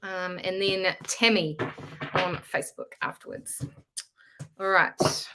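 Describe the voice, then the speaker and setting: A woman's voice: on the low side, fairly even intonation, slow, bright, forceful tone, faint music behind. A woman giving live-streamed tarot readings in a chatty, frank and casual way, swearing freely. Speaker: tarot reader.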